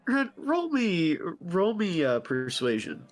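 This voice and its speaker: A man's voice: high-pitched, huge pitch swings, takes it slowly, soft background music. A young man narrating a tabletop game as game master, playful and lightly voicing the characters. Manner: playful storytelling, voices orc characters lightly.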